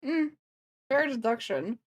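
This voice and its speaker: A woman's voice: a little high, expressive, slow. A woman livestreamer chatting casually, rambling and thinking aloud as she reacts to clips. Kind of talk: casual reaction stream chat.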